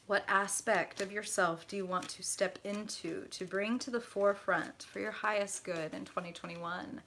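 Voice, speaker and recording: Bright-voiced excitable woman tarot reader. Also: medium pitch, normal speed, a little hiss or hum. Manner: effusive, profane and excitable, addressing viewers directly. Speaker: tarot reader hosting a live stream. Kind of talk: live tarot reading chat.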